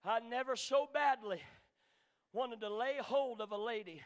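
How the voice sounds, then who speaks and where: A male pastor preaching a sermon, swinging from shouted climaxes to quiet storytelling and calling out church members by name. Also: very high-pitched, a little slow. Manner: Southern preacher cadence, calls out congregation members by name.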